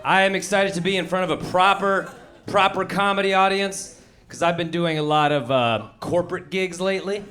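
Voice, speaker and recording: A man's voice: sits high, moderate pace, a bit bright. A middle-aged man doing a stand-up comedy set, telling a story in a sardonic way and acting out the quotes, on a handheld mic in a comedy venue. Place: comedy venue with live audience. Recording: live audience laughter behind.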